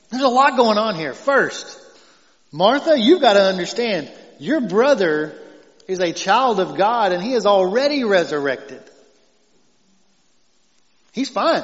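In a lo-fi church hall recording with long, dull reverb, a Southern-accented man preaches as pastor in a conversational style with a high-sitting voice. He chuckles often and turns loud and emphatic when quoting scripture.

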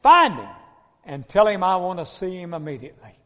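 A man's voice: sits high, very animated, brisk, a bit bright. A male preacher voicing a stern, commanding king in a retold parable, in a dull recording with long hall reverb. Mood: angry.

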